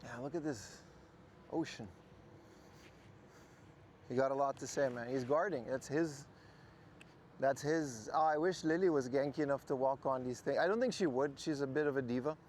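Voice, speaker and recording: A Dutch man hosts a casual IRL livestream outdoors by the ocean, chatting to viewers while adjusting the clip mic on his hat. His mid-range voice has a darkish tone, at normal speed with long pauses. Wind blows in the background.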